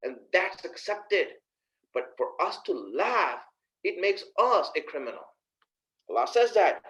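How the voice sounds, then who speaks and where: A man's voice: high voice, very animated, normal speed, a bit bright, muffled recording. A man preaching a sermon in a conversational way, asking his listeners rhetorical questions and speaking to them directly. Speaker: Islamic preacher.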